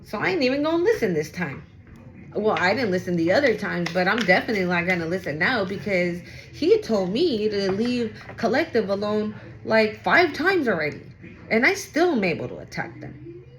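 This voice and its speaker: A woman's voice: mid-range voice, big pitch swings, normal speed, a little hiss or hum. Woman mocking a whiny, defiant female enemy. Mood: scornful. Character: spiteful defiant woman enemy, scornful and stubborn.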